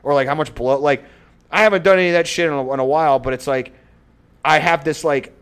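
A man's voice: fairly high pitch, quick pace, a bit bright, clear, resonant tone. A young man co-hosting a podcast, chatting loosely and profanely, joking through an ad read. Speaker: podcast co-host. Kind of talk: casual podcast chat with ad read.

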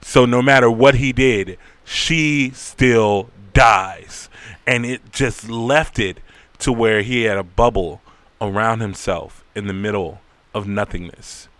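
A man casually recapping a story in a rambling, profane, animated way. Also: fairly low pitch, measured pace, dry recording.

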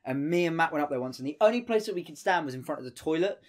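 A man's voice: fairly high pitch, lively intonation, racing. A young man telling a rambling, sweary anecdote in casual chat, full of fillers.

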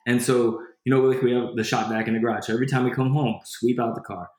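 A man's voice: mid-range voice, quick pace. A man telling a personal story in a casual interview, rambling and restarting his sentences as he goes. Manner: lively retelling of a personal story. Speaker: guest. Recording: echoey room.

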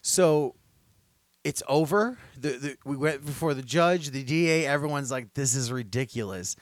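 A young man hosting a casual podcast, telling a long story with lots of restarts and growing louder as he relives it. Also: a little high, unhurried, no room sound. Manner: rambling storyteller, restarts often, gets loud when retelling. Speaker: podcast host.

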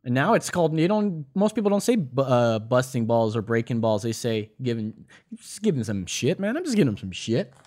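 A man's voice: mid-range voice, very animated, a little fast, a little mellow. A man hosting a quiz game among friends, joking and swearing as he explains answers. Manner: joking, profane, explains at length. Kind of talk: casual podcast chat.

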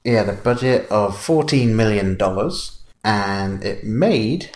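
A man co-hosting a film review podcast in casual chat, relaxed and chuckling as he runs through the show details. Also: fairly low pitch, slow pace, reverberant. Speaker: podcast co-host.

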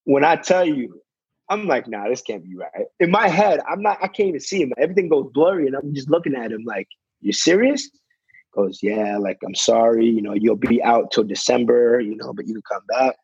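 A young male basketball player talks in a casual interview, his medium-pitched voice fairly quick, darkish and slightly rough. He keeps saying "you know" and acts out what people told him, on a dry, dull-sounding recording.

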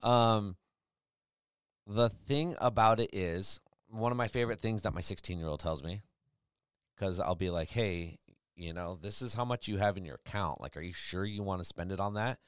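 A man's voice: low voice, normal speed, clean tone, no echo, studio quality. A man in his forties hosting a casual chat, rambling and acting out quotes as he tells stories. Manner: rambling, animated storyteller who acts out quotes. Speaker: podcast host.

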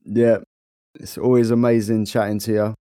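A man's voice: on the low side, level tone, moderate pace, mellow, no echo, studio quality. A young man with a London accent, co-hosting a podcast in easygoing, jokey chat. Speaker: podcast co-host. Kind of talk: casual chat.

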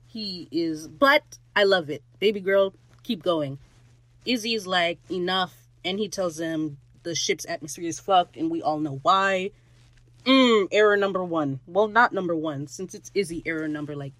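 A podcast host rants alone into a close mic, excitable and gushing, with a voice in the middle range. They swear freely and jump from loud squeals to low muttered asides. The sound is dry, with no room around it. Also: moderate pace, no room sound. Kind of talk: solo episode recap, casual rant.

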